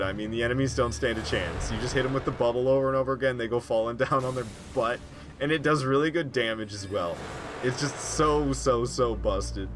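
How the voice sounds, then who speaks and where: A man giving casual, jokey gameplay commentary, excitable and profane, laughing often. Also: medium pitch. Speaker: gaming YouTuber.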